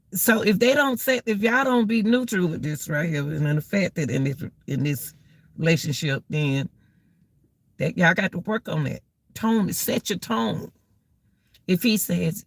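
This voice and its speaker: Her voice is fairly low and creaky, with lively intonation and a moderate pace, and there's no room sound. Standing outdoors in the cold, she casually preaches relationship advice to viewers, repeating herself, stretching out key words, and calling everyone "y'all."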